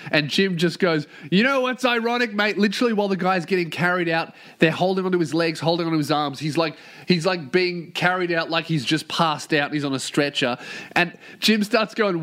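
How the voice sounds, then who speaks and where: A man hosting a solo comedy podcast, ranting and telling a story with plenty of swearing. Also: fairly high pitch. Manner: profane, ranting, animated storytelling. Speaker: podcast host.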